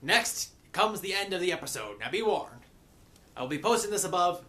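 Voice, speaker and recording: A man recapping and reviewing a cartoon episode in a loose, chatty way. His voice is bright and forward. He sprinkles in mock pirate grammar and filler sounds. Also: high voice, big pitch swings, moderate pace.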